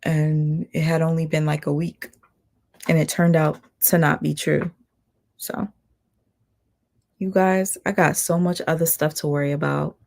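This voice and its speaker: Low gravelly-voiced woman ranting on a livestream. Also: level tone, a little slow, pauses often, a little mellow. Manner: blunt, heated, swearing, reads viewer comments aloud. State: strained voice. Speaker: channel host on a livestream. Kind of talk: casual livestream rant.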